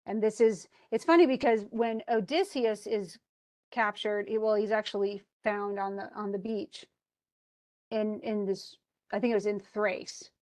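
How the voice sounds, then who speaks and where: A woman's voice: mid-range voice, fairly even intonation, a little slow, a little mellow. A woman retelling a classical epic to a class in a casual, chatty lecture full of fillers and restarts. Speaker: teacher.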